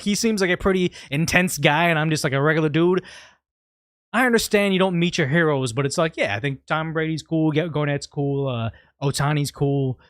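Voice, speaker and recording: A man's voice: on the high side, dry recording, clean studio sound. A man hosting a casual livestream, rambling through tangents and reading out viewer super chats. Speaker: livestream host.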